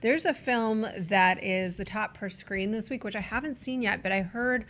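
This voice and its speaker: A woman's voice: mid-range voice, normal speed, a bit bright. A woman co-hosting a casual film chat, talkative and enthusiastic about movies. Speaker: film show co-host.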